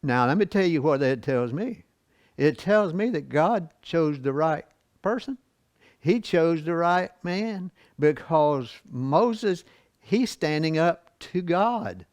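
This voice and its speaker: Brief: male church Bible teacher, folksy and chatty, chuckles between points, fairly high voice, dry close sound. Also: a little mellow, dry recording. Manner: asks the class rhetorical questions. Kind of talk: church Bible lesson, reading and explaining scripture.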